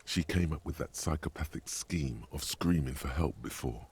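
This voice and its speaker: A man voicing the solemn inner voice of a detective game, speaking slowly and advising the player in the second person. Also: very deep voice, darkish tone, breathy edge, exaggerated voice. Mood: grave. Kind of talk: game narration.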